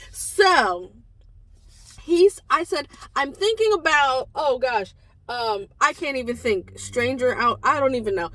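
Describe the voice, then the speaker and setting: Young woman from delaware, high lively voice, chatty and animated, takes her time, dry close sound. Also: takes it slowly, no echo. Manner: animated and chatty, exclaims and laughs. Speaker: book vlogger. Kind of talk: casual storytelling to camera.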